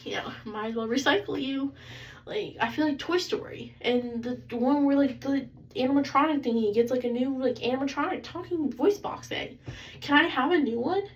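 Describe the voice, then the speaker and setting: A young woman tells an exasperated, animated story about a doctor's visit, filling her talk with "like". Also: high-pitched, moderate pace. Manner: animated, exasperated, heavy use of "like". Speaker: vlogger. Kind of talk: casual storytime rant. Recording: slightly distant, dull, faintly noisy.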